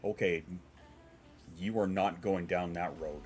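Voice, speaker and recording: A man with a deep, congested voice takes it slowly as he chats on his home stream, wandering from topic to topic, swearing offhandedly and answering viewers. Faint, soft music can be heard in the background.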